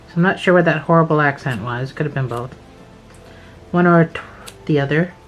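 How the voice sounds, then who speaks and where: A Scottish woman explaining crochet steps in a relaxed, chatty way, thinking aloud and joking at her own expense. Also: deep voice, brisk, lo-fi sound, faint music behind. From Scotland. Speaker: crochet teacher. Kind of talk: casual step-by-step craft tutorial.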